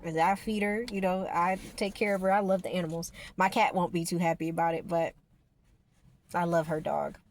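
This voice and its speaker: A woman's voice: fairly low pitch, steady tone, normal speed. A woman vlogger talking casually to her viewers about spirituality, rambling and emphatic, with the odd swear word.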